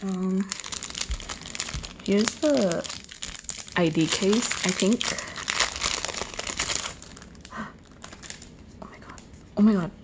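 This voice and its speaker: A woman unboxing on her vlog, gushing at each item and slipping into soft whispered exclamations. She talks slowly, with long pauses between her bursts. A faint hiss of noise sits under her voice. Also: medium pitch. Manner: gushing, excited, drops often into breathy whispers. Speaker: vlogger. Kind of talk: unboxing video.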